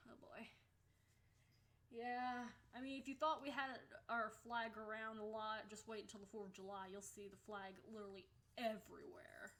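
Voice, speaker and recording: A woman's voice: mid-range voice, level tone, moderate pace, a bit bright. A young woman from the United States chatting casually in a vlog, blunt and swearing offhandedly. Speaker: vlogger.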